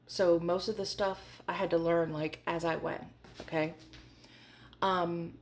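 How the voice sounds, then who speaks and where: A woman's voice: on the low side, steady tone, unhurried, a little hiss or hum. A woman in her forties telling a candid storytime vlog in a chatty way, full of fillers. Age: 40s. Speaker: vlogger.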